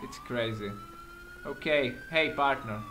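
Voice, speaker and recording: A man giving excitable let's-play commentary while acting as a patrol cop in a game, speaking non-native English with small slips, swearing and laughing often. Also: a little high, slow pace, noisy background. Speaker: gaming commentator.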